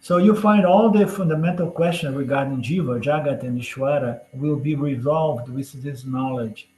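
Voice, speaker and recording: A man's voice: medium pitch, moderate pace, a little mellow. Chatty man teaching in a roomy space. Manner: chatty, peppers points with "you know?" and jokes. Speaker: scripture class teacher. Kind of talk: conversational lecture. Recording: roomy echoey room.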